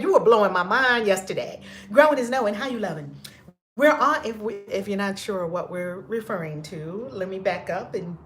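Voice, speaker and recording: Hosting a live stream, this woman talks to her viewers in a casual, effusive way, calling them by name and laughing a lot. Her voice is medium in pitch and fairly bright, delivered at a moderate pace.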